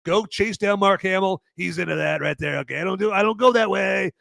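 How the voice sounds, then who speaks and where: A man's voice: high voice, fairly quick, vocal fry, a bit bright, no echo, clean studio sound, pitched above the performer's own voice, exaggerated voice. A man doing a comedic impression of a brash, defensive older male politician, talking in a blustering, dismissive way.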